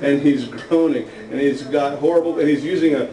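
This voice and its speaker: A man's voice: a little high, fairly quick, a crowd in the background. Casual male Bible teacher, joking scripture reader, distant mic in a roomy meeting hall. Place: meeting room with a small group. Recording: roomy echo, from afar, faint noise.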